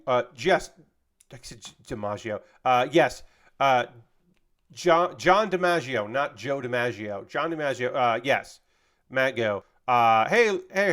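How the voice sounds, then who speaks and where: A man's voice: mid-range voice, a bit bright, clear, resonant tone. A man chatting casually on a live stream while building LEGO, rambling and swearing freely as he reads out chat messages.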